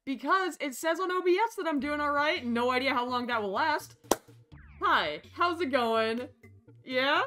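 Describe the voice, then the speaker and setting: A woman streaming a game from her basement, chatty and excitable, with game music behind her. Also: high-pitched, a little slow. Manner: excitable, chatty, bursts into shrieks and laughter. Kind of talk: casual gameplay streaming. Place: home basement.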